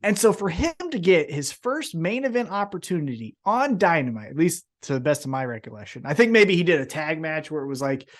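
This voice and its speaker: A man's voice: fairly high pitch, big pitch swings, brisk, hardly any pauses. A man co-hosting a wrestling podcast, ranting with heavy swearing and mocking put-on voices. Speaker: podcast co-host. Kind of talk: profane ranting wrestling chat.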